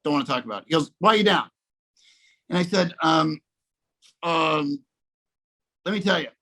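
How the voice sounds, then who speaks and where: A man telling a casual story as a guest speaker on a video call, animated and repeating "okay?" as he goes. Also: fairly high pitch, normal speed, rough recording. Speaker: guest speaker in a sales coaching session.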